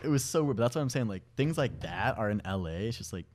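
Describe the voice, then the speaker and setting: A young man from Washington State, a podcast guest in casual chat, telling animated stories and laughing often. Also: medium pitch, fast talker.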